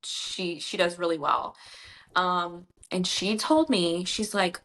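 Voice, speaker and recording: A woman's voice: lowish voice, slow pace. Chatty author woman, gets emotional. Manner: chatty, emotional, quotes others in animated voices. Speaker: author guest. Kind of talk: casual interview chat.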